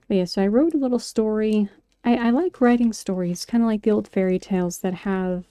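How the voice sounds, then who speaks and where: A woman's voice: mid-range voice, dark tone, dry recording. A woman vlogger chatting casually and rambling, with many fillers and restarts. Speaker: craft and poetry vlogger. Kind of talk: casual chat while sculpting.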